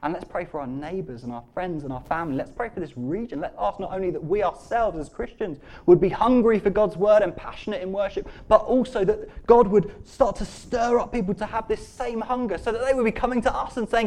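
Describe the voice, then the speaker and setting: A man delivers a sermon in a fairly high voice. He reads scripture softly and almost hushed, then lifts into earnest, emphatic calls to his listeners. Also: a little fast, hardly any pauses. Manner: earnest, swings between soft hushed reading and rising emphatic appeals. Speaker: preacher.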